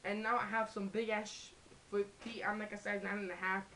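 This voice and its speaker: A woman's voice: medium pitch, level tone, fairly quick, sharp tone, a little hiss or hum, poor audio. A young woman in a casual comedy vlog, rambling and swearing with many restarts. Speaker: vlogger.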